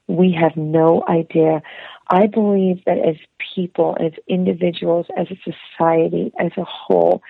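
A woman guest on an interview podcast, telling a personal story with animated emotion, acting out the voices of the people in it and laughing often. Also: lowish voice, vocal fry, dry recording. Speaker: actress and singer, podcast guest. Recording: tinny phone-like line, dry.

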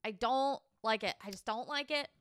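A woman's voice: on the high side, normal speed, fairly bright tone, clear, resonant tone, no room sound. Giggly, chatty woman podcast host. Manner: giggly, chatty, filler-heavy. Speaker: podcast co-host presenting the case. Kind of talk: casual chat.

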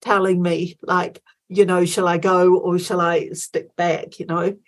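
Middle-aged woman guest, low-pitched and unhurried, hesitant storyteller with plenty of fillers. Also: level tone. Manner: hesitant, many fillers and restarts, acts out inner dialogue. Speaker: guest, former Olympic marathon runner. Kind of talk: interview storytelling.

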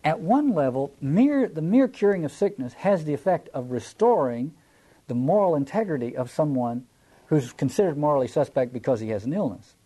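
A man's voice: a little high, animated, moderate pace, dark tone, slightly rough. A man teaching a Bible passage in a reflective lecture, often restarting phrases and repeating words as he explains.

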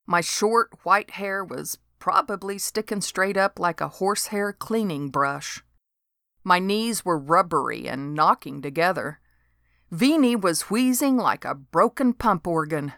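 Woman narrator, wry storybook reading, lowish voice, dry close sound. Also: expressive, a little slow, creaky, sharp tone, dry recording.

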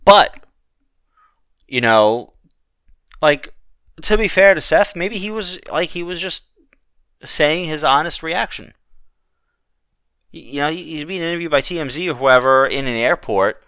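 A man's voice: fairly high pitch, a little slow, long pauses, bright, forceful tone, clear, resonant tone, no echo. A man hosting a wrestling podcast, chatting casually with plenty of restarts. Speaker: podcast host. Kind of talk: casual chat.

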